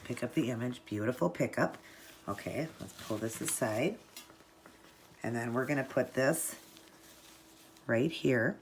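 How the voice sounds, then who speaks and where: Gravelly-voiced woman giving a nail tutorial. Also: a bass voice, unhurried, long pauses, a little hiss or hum. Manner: chatty, talks to viewers while working. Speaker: nail art tutorial host. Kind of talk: casual step-by-step tutorial narration.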